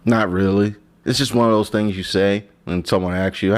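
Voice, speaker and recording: In a clear, resonant, fairly low voice with fairly even intonation, a man speaks at normal speed with hardly any pauses. He's hosting a casual solo podcast, rambling and joking while repeatedly breaking off and restarting.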